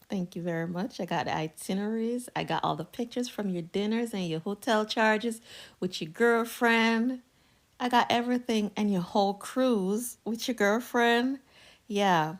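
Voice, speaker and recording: A woman from the United States, telling a personal story to camera in a sassy, emphatic way. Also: medium pitch. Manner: sassy, emphatic, drawn-out retorts.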